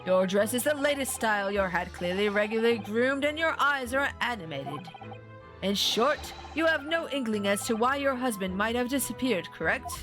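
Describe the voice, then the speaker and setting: Woman doing a pompous gentleman detective. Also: fairly high pitch, expressive, normal speed, over music, close to an everyday voice. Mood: lecturing. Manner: haughty, lecturing. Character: pompous English gentleman detective, middle-aged man.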